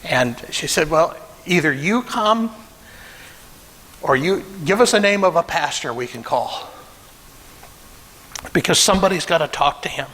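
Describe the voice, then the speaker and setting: A man's voice: on the high side, expressive, a little slow, pauses often, fairly bright tone, in a large hall, rough recording. A middle-aged man preaching a sermon, telling a personal story with emotion and acting out the voices he quotes. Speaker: pastor.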